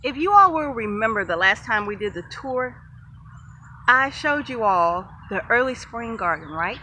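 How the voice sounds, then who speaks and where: Homesteader, higher-pitched woman, talks to viewers while walking an outdoor garden. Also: measured pace, slight background noise. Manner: chatty, excitable, addresses viewers often, laughs easily. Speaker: homesteader showing her garden. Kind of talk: casual garden tour vlog.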